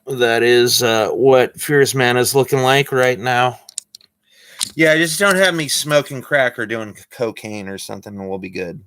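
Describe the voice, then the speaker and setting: A man's voice: mid-range voice, a little slow, fairly bright tone. A man chatting casually on a live stream while he draws, rambling with lots of fillers.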